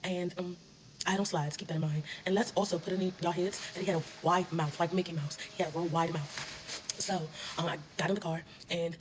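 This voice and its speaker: A woman tells a casual storytime at a rapid clip, animated and full of slang and swearing. Her voice sits a little low. There is faint noise behind her. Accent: US Southern. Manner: animated, swearing, laughing while telling.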